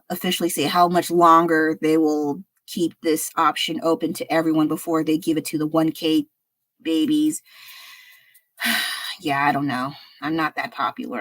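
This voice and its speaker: A woman's voice: low-pitched, fairly bright tone, no echo, rough recording. A woman chatting casually on her art livestream while painting, a little under the weather, rambling with sighs and laughs.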